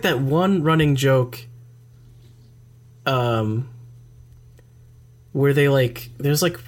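A woman co-hosting a casual podcast about a film, joking around and swearing casually. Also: deep voice. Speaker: podcast co-host. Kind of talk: casual chat.

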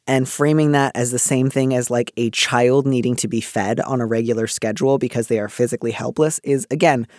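A man's voice: mid-range voice, fairly even intonation, brisk, hardly any pauses, a little mellow, no room sound, studio quality. A man co-hosting an advice podcast, talking casually and with animation, full of restarts and fillers.

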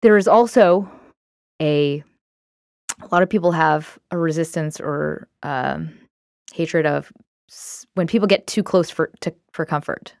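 A woman's voice: low voice, measured pace, vocal fry, a little mellow, no echo, clean studio sound. A woman hosting a self-help podcast, talking in a candid, reflective way with many fillers. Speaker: podcast host. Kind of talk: casual self-help talk.

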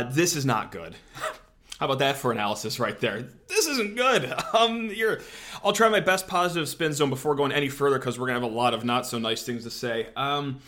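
Bright-voiced sarcastic sports show host. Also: male voice, on the high side. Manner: animated, sarcastic, frequent fillers. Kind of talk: opinionated sports commentary.

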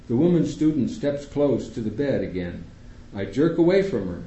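A man reading a first-person story aloud to an audience in a theater, steady and measured. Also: medium pitch, a little hiss or hum. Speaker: reader at a public reading. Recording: echoey room, dull lo-fi sound.

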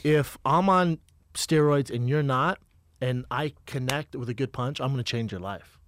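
A young man from Colorado telling a story in a casual chat, animated and profane, acting out the other people's lines. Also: mid-range voice, normal speed, slight background noise.

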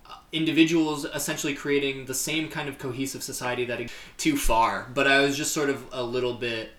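A man from upstate New York co-hosting a podcast in casual chat, rambling and halting with many fillers. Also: medium pitch, fairly even intonation, fairly bright tone, reverberant. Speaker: podcast co-host.

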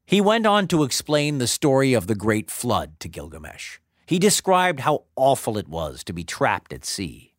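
A man narrating a myth as a story, in an expressive, dramatic way. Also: mid-range voice, moderate pace, hardly any pauses, no echo. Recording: dry close sound with faint music.

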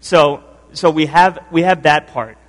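A man's voice: mid-range voice, moderate pace. Earnest, emotional male preacher in a hall. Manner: emotional, earnest, with many restarts and "right?" tags. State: tired from lack of sleep. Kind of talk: sermon. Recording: long hall reverb.

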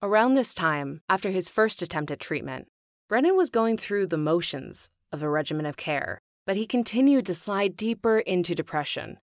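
A woman reading scripted documentary narration in a measured, even way. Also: lowish voice, no echo, studio quality.

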